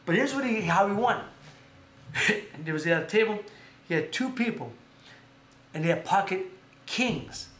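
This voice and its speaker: A man's voice: high voice, normal speed, long pauses. A man hosting a casual live stream, telling rambling stories and often correcting himself. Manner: rambling, animated storytelling with self-corrections. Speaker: host. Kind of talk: casual live-stream chat about boxing. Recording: echoey room with faint background noise.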